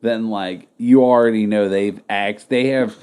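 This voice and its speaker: A man talking casually as a podcast co-host in a lowish, warm voice. He is blunt and sardonic, swearing through his points. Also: steady tone, a little slow, clear, resonant tone.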